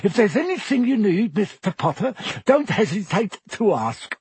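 A man's voice: sits high, sing-song, normal speed, a little mellow, slightly rough, pitched above the performer's own voice, full character voice. A man voicing a friendly, courteous innkeeper who chuckles and beams at his guest. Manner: courteous, beaming.

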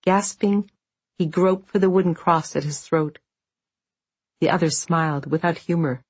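A woman reading an audiobook in a measured, even storytelling voice, close to the microphone. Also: lowish voice, husky, no room sound. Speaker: narrator. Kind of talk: scripted audiobook narration.

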